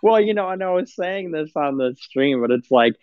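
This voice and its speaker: A man's voice: a little high, animated, fairly quick, smooth, no room sound, lo-fi sound. A man in casual livestream chat, mocking and rambling with lots of fillers and frequent laughs. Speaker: livestream guest.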